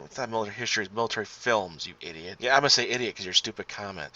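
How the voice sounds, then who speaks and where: A man's voice: lowish voice, quick pace, few pauses, sharp tone. Profane ranting man. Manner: profane, heated, rambling. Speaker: podcast host. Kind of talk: casual ranting monologue. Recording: dull lo-fi audio.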